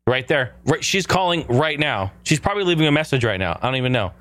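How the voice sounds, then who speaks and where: Lively, animated male podcast host. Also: medium pitch, fast, no echo. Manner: animated, jokey, swears casually. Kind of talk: casual podcast chat.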